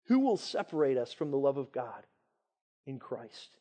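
A man giving a casual sermon, telling scripture stories with lively voices and reading verses slowly. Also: mid-range voice. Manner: animated storytelling with dramatic voices and shouts. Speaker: preacher.

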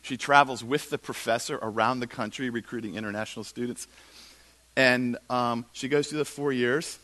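A middle-aged man telling a lively personal faith story at a church, acting out the people he quotes. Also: moderate pace. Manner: animated storyteller, quotes others in lowered voice. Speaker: speaker at a church. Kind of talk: storytelling sermon talk.

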